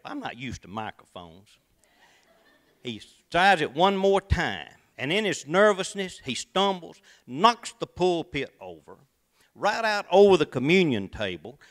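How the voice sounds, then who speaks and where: A man spins a comic tall tale in a somewhat high voice. His delivery is folksy and dramatic, dropping quiet and then booming out. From Tennessee. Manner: folksy, dramatic, shifts between loud and quiet. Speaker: contestant storyteller.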